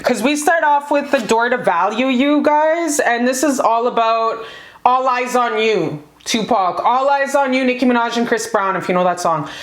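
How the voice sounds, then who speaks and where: A gushing, foul-mouthed woman with a fairly high voice, hyped up as she gives a casual pick-a-card tarot reading. Her voice rings around a roomy, echoey space.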